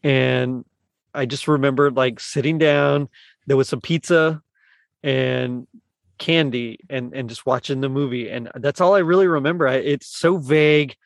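A man's voice: medium pitch, unhurried, vocal fry, no echo, clean studio sound. Laid-back man hosting a podcast. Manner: laid-back, rambling with frequent fillers and laughs. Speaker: podcast host. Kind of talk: casual podcast chat.

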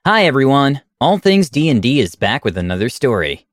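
A man reading a story aloud at a close mic, with wry, deadpan asides. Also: medium pitch, moderate pace, dry recording.

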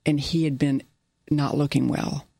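Middle-aged woman, earnest interview storyteller, gravelly tone, dry close sound. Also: low-pitched, fairly even intonation, measured pace, dark tone, no echo. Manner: earnest, repeats key phrases. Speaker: business owner guest.

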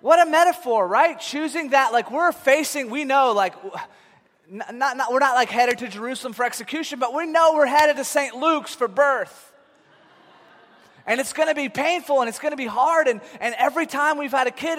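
Guy pastor preaching, kinda high voice, big echoey church hall, gets loud then goes real quiet. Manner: animated storytelling, swings from loud to hushed. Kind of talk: sermon. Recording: long reverb of a large hall.

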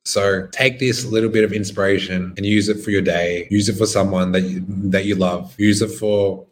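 A man's voice: sits low, flat delivery, normal speed, slight background noise. A young man hosting a podcast, giving a blunt, swearing motivational monologue. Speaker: podcast host.

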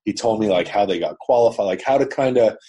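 A man's voice: fairly low pitch, fast, warm tone, slightly rough. A man from Canada, a business owner, telling his story in a blunt, profane, emphatic way over a remote call. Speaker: business owner, interview guest. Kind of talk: casual storytelling. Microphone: remote internet call.

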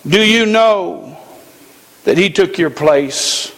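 A man preaching a sermon in a church, slow and emphatic with dramatic pauses. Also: high voice, animated, creaky, fairly bright tone, big-room sound. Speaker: pastor.

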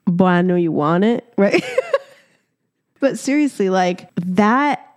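A woman in her thirties, born in Egypt, hosts her own podcast and talks straight to her listeners. Her voice sits at a middle pitch, and she tells stories in a lively, chatty way. She laughs often and swears now and then. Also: takes it slowly, no room sound, clean studio sound. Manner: animated storytelling, laughing often, casual swearing; talks directly to listeners as "your girl". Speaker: podcast host. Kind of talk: solo podcast monologue.

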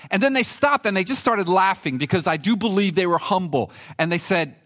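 A pastor preaching a sermon in an animated, conversational way, reading scripture aloud with emphasis. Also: male voice, high-pitched, fast talker, few pauses.

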